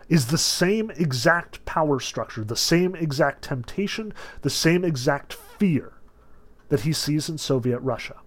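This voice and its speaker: A male literature lecturer talking through a novel. He is emphatic and animated, with sudden surges of stress and casual asides. His voice sits a bit high.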